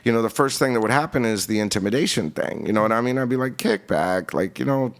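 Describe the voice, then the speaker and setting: A man's voice: mid-range voice, quick pace. A man and former radio program director, telling a story bluntly and casually with lots of swearing, acting out the dialogue. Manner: blunt, profane, acts out dialogue.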